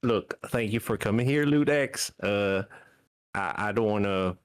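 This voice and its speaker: A man's voice: fairly low pitch, a little slow, clean tone. A man role-playing as a player in a tabletop game, flustered, giggly and stammering.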